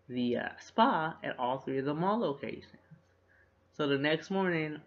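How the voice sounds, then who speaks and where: Gravelly man recapping a TV episode. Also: mid-range voice. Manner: animated retelling, acts out characters' lines with laughter. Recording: dull lo-fi recording.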